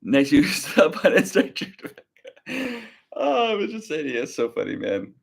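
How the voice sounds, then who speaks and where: A young man hosting a casual livestream, talking slowly and easily with a slight drawl, rambling as he reads viewer comments aloud. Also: on the high side, big pitch swings, gravelly. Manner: slow, easygoing drawl. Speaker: livestream reseller host.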